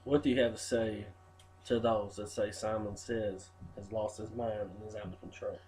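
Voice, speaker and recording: A man's voice: fairly low pitch, fairly even intonation, moderate pace, a little mellow. A man interviewing, asking short, plain questions. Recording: distant mic with faint room noise.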